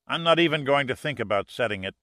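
A man reading a gruff, blunt rescuer's lines in an audiobook. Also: mid-range voice, expressive, normal speed, fairly bright tone, no echo, clean studio sound, natural voice. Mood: brisk.

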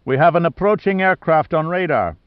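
Storybook: male reader voicing a jittery junior officer, polite and raised in pitch, on muffled dry audio. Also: lively intonation, fairly quick, clear, resonant tone, dry recording, close to an everyday voice. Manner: deferential, pleading. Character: young male second officer, polite and anxious.

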